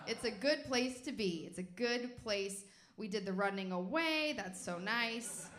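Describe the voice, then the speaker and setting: A young woman from Chicago performing a stand-up comedy set on stage, telling animated stories and acting out the people in them. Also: on the high side, a little slow, echoey room, noisy background. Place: stage before a live audience.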